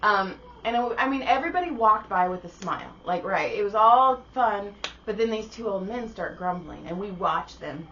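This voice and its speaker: A woman's voice: mid-range voice, normal speed, highs cut off, slight background noise. Woman telling a story on a podcast. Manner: animated, profane storyteller acting out quoted voices. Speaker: podcast co-host. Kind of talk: casual storytelling chat.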